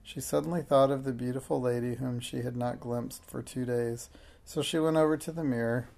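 A narrator reading a children's chapter book aloud in a gentle, even manner. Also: medium pitch, moderate pace, gravelly. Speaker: storybook narrator.

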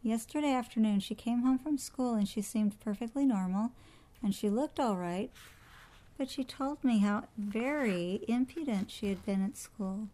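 A woman's voice: on the high side, normal speed, mellow, natural voice, low-quality recording. A woman reading a storybook aloud, voicing a proper, worried mother who scolds in a prim way.

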